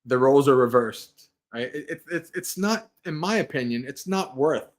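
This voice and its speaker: A man's voice: medium pitch, lively intonation, normal speed. A man who is a Buddhist monk, hosting a livestream and giving a casual Dharma talk, earnest and rambling, restarting his sentences and laughing lightly.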